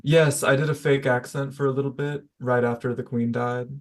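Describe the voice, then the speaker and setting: Man, tabletop player, mid-pitched, polite, slightly formal. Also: level tone, normal speed. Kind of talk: in-character tabletop role-play.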